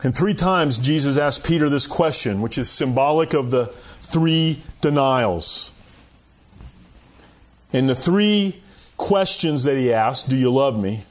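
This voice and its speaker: A man giving a sermon at an ordinary middle pitch. He talks to the congregation in a relaxed, folksy way, as if chatting with them, and chuckles now and then. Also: slow pace. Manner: conversational, folksy, with frequent "you know" and chuckles. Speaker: pastor.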